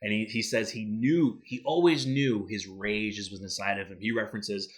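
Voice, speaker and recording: A man co-hosting a casual review chat, animated and quick to act out lines from scenes. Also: fairly low pitch. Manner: animated, acts out character lines. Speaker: show co-host.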